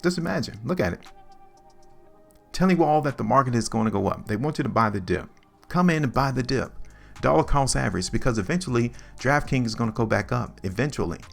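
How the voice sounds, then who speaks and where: Gravelly emphatic stock-chart host. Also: male voice, mid-range voice, animated, brisk, soft background music. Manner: emphatic, repetitive, lecturing the viewer. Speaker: stock market video host. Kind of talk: chart analysis commentary.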